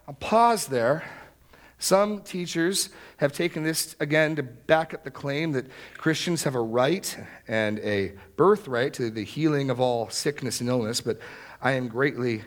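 A man's voice: mid-range voice, a little slow. Man preaching an earnest sermon. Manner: earnest preaching that swells to loud, emphatic exclamations. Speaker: pastor.

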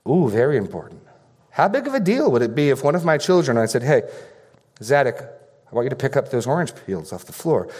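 A man's voice: medium pitch, darkish tone, long reverb tail. A man preaching a sermon as pastor, earnest and emphatic, repeating phrases for stress.

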